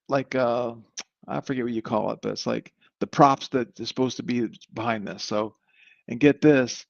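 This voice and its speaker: Salesy guy walking people through a software demo live, kinda rambly, dull dry computer mic. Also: medium pitch, fairly even intonation, normal speed, gravelly, no echo. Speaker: webinar host demoing software. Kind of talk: live online product demo. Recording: slightly muffled dry audio.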